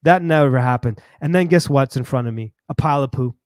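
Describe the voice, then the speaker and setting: A man hosting a podcast, telling a rambling, lively story and acting out the voices of people he met. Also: medium pitch, fairly quick, dry recording, studio quality. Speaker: podcast host. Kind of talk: animated storytelling monologue.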